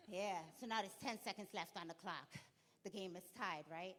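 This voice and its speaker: A young woman telling an animated stand-up story on a comedy club stage, acting out people in quick bursts. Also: mid-range voice.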